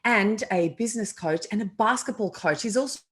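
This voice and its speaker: An Australian woman co-hosts a radio chat show in a bubbly, effusive way. Her voice sits at a mid pitch, and she piles on enthusiastic praise as she introduces her guest. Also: fairly quick. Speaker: radio co-host.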